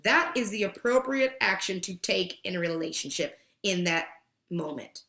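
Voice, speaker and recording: A woman's voice: mid-range voice, normal speed, roomy sound. A woman co-hosting a TV review podcast, chatting casually and acting out characters' lines as she recaps. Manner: animated, acts out the characters' lines. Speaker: podcast co-host.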